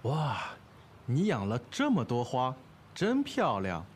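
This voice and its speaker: Brief: a woman doing a lower, lively complaining visitor who dislikes bugs, faint noise. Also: takes it slowly, heavily acted. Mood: grumbling. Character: fussy visitor who finds gardening messy. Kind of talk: scripted dialogue in a language lesson.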